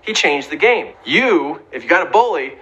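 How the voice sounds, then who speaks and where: A man's voice: fairly high pitch, animated, normal speed, pushed and bright, muffled recording. A middle-aged man giving an earnest, emphatic motivational talk, sometimes acting out the voices in his stories. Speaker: speaker giving advice on bullying.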